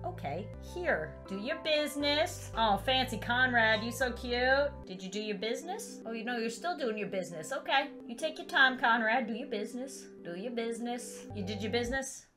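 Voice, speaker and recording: A woman's voice: on the high side, lively intonation, normal speed, few pauses, over music. A young woman doing let's play commentary, chatting animatedly and cooing in baby talk at a virtual kitten. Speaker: gaming YouTuber.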